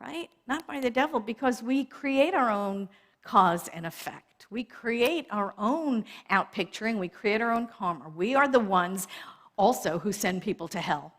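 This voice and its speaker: Animated woman minister giving a sermon. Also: mid-range voice, unhurried. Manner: animated, laughing often, asks the congregation "right?".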